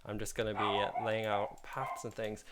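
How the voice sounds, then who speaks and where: A man's voice: on the low side, completely flat delivery, normal speed, heavy background noise. A man hosting a casual game livestream, talking in a chatty, rambling way and laughing often while he plays. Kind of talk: casual live commentary while playing.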